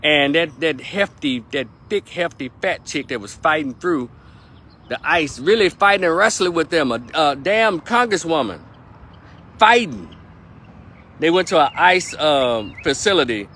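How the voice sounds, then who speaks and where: A man's voice: on the high side, big pitch swings, measured pace, sharp tone. A man delivering a heated, profane opinion rant as a political commentator, hammering points home by repeating them. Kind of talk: ranting opinion vlog.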